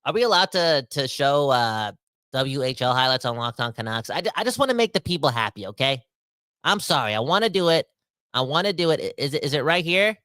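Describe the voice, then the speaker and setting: A young man hosting a casual podcast, rambling and animated, swinging between fired-up outbursts and quieter asides. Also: mid-range voice, fairly quick, smooth, no echo. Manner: rambling with frequent restarts and self-corrections. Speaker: podcast host. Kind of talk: casual ranting podcast talk.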